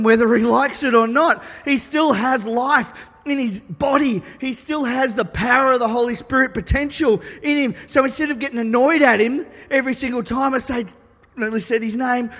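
A man preaching a sermon, telling stories in an animated, self-deprecating way. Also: very high-pitched. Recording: long reverb of a large hall.

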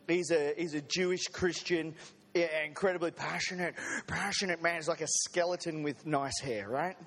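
A man's voice: on the high side, in a large hall. A man preaching a sermon to a congregation, in a conversational manner with joking asides. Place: church service.

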